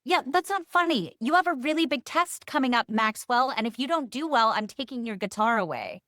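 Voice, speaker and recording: A woman's voice: on the high side, expressive, bright, forceful tone, dry recording, studio quality. A woman reading a strict, bossy mother who scolds her teenage son, in a screenplay table read. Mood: scolding. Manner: brisk, scolding. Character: bossy, strict mother and talent show organizer.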